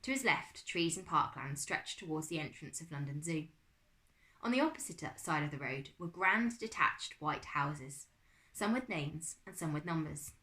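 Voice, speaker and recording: Bright-voiced woman reading a story. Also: sits low, moderate pace. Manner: expressive storytelling. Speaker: primary school teacher. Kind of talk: reading a children's novel aloud.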